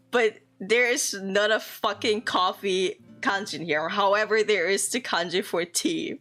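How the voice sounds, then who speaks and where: A woman's voice: medium pitch, measured pace, fairly bright tone, faint music behind. A young woman streamer chatting playfully and casually while teaching Japanese words, swearing now and then. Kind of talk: casual live-stream chat.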